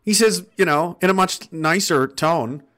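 A man's voice: fairly high pitch, unhurried, a bit bright. A man speaking to his viewers in an impassioned, profane, rambling monologue. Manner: profane, rambling, fervent, with restarts. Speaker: online commentator.

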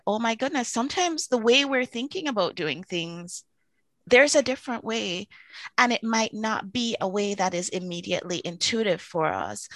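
A woman telling a long story in a chatty, animated way, full of asides, now and then jumping up into high excited voices. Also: dry recording. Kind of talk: casual storytelling to camera.

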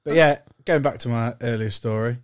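A man's voice: medium pitch, brisk, no room sound. Man, sweary exasperated storyteller, dry close sound. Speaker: podcast co-host. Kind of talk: casual storytelling.

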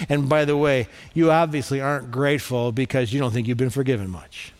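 A middle-aged male pastor preaching a sermon in a conversational, animated storytelling manner. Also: medium pitch, brisk, few pauses.

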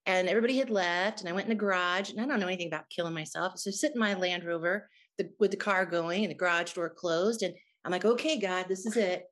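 A woman's voice: fairly low pitch, quick pace, few pauses, a bit bright. A middle-aged woman, a guest in an interview, telling a personal testimony in an earnest, emotional way.

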